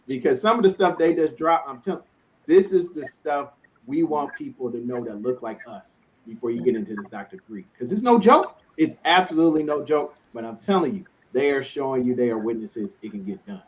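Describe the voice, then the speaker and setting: A man's voice: mid-range voice, expressive, brisk, poor audio. Hyped male talk-show host. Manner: hyped, emphatic. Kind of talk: enthusiastic talk-show hosting.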